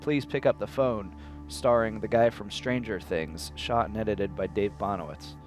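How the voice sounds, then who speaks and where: A man's voice: on the low side, moderate pace, faint music behind. A man co-hosting a stream, chatty and easily sidetracked. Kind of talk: casual chat.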